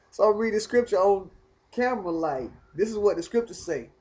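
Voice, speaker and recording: A man telling a rambling personal story in casual, animated talk. He speaks straight to the viewer and keeps asking whether they follow. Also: sits high, moderate pace, dull audio. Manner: animated, talks straight to the viewer, keeps asking "you know what I mean". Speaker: vlogger telling his story.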